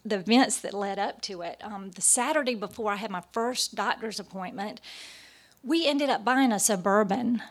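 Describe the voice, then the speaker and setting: A middle-aged woman giving a personal testimony to a church audience, storytelling with frequent hesitant fillers. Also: a little high. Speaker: speaker at a church gathering.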